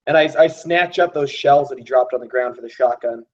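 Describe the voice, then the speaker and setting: A man's voice: medium pitch, steady tone, quick pace, darkish tone, highs cut off. A man playing a tabletop game, describing his character's moves in first person. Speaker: player.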